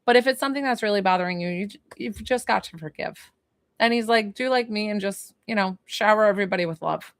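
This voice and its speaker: A woman's voice: medium pitch, a bit bright, no room sound, clean studio sound. Chatty New woman medium on a live stream. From New York. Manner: chatty, rambling, full of "like" fillers. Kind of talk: casual live-stream talk.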